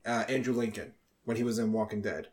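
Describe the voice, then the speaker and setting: A man from the New York area hosting a casual podcast chat, telling stories in an animated, profane way. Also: on the low side, quick pace. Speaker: podcast host.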